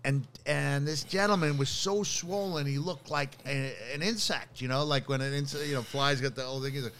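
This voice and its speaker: A man's voice: medium pitch, normal speed, a little hiss or hum. A man telling a funny story as a podcast guest, chuckling as he goes. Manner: animated storyteller, chuckles through his stories. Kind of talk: casual anecdote telling.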